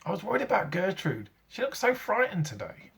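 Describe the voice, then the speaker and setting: A man voicing a brave, eager young schoolboy in a read-aloud story, talking in a raised, excited voice. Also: sits high, a little fast, gravelly, breathy edge, voice pushed up, full character voice.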